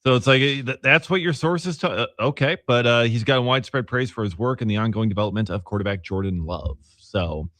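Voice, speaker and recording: A man hosting sports talk radio in a studio, speaking casually with many fillers and halting restarts as he reads through a list. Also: mid-range voice, fairly bright tone, no echo.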